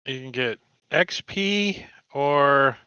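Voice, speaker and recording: A man's voice: mid-range voice, lively intonation, drawn-out words, bright, forceful tone, clean tone, dry recording, highs cut off. A man running a tabletop game as game master, making matter-of-fact rules calls. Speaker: dungeon master.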